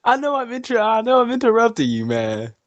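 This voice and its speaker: A man's voice: very high voice, sing-song, a little fast, highs cut off. A young man guest in casual chat, teasing his friend and laughing often. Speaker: guest co-host.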